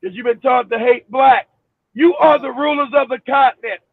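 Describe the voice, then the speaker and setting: A man rants loudly with crude, animated outbursts, his voice high and gravelly. He comes through a dry, tinny, phone-like line. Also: normal speed. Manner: loud, animated, profane ranting. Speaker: co-host. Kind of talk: casual chat.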